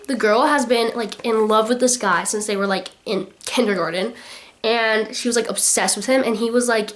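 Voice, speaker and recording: Young female book vlogger, chatty rant, higher voice, lots of fillers. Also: normal speed. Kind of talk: casual ranting book reviews.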